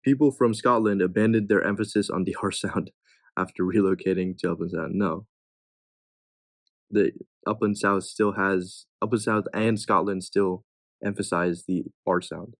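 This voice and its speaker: A man's voice: sits low, fairly even intonation, normal speed, no room sound. A young man tutoring test questions in a casual way, reading each answer choice and thinking aloud as he rules it in or out.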